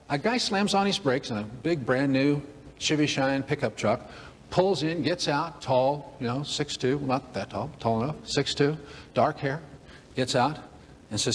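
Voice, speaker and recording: A motivational speaker with an animated mid-range voice tells folksy, funny stories to an audience at normal speed. He jokes and acts out characters, and the recording carries a long hall reverb, faint ambience and slight background noise.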